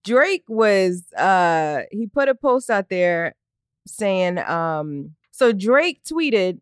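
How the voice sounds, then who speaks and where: A woman co-hosting a casual podcast, talking in an animated way, swearing and laughing often. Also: medium pitch, drawn-out words, smooth, dry recording, studio quality. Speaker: podcast co-host. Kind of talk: casual chat.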